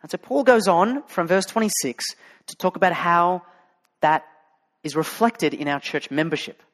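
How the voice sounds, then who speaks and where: A man's voice: high voice, animated, normal speed, fairly bright tone. A man with an Australian accent preaching a sermon as a pastor, talking conversationally and telling stories with many fillers and restarts. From Sydney, Australia.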